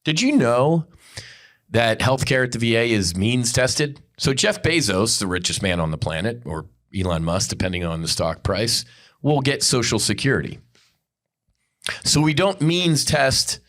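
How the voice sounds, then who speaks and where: A man's voice: mid-range voice, animated, normal speed, fairly bright tone. A man hosting a podcast, delivering an angry, profane and blunt unscripted monologue. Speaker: podcast host.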